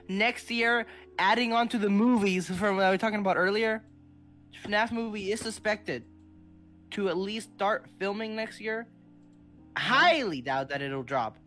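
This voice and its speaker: A young podcast co-host chatting casually, excitable and quick to laugh. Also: mid-range voice. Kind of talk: casual chat.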